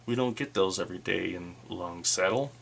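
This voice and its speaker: A man voicing a polite adult male townsman who speaks courteously and flatters the heroes. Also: deep voice, moderate pace, creaky, a little hiss or hum.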